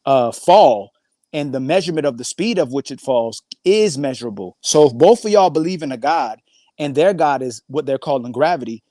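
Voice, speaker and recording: A man's voice: medium pitch, expressive, moderate pace, warm tone, no room sound. Slangy man laying out an argument. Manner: argumentative, builds a premise step by step, slangy. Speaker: panel guest. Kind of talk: casual panel debate.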